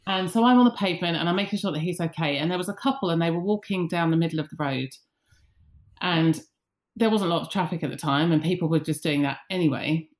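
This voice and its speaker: A woman's voice: lowish voice, fast, a little mellow. A woman in casual podcast chat, telling an anecdote and acting out the dialogue. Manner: chatty storyteller, acts out dialogue.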